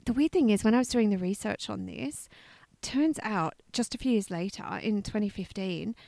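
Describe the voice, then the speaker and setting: A woman co-hosting a casual chat, telling stories in an animated way, swearing freely and laughing as she goes. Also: mid-range voice, moderate pace, creaky, no echo. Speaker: podcast co-host.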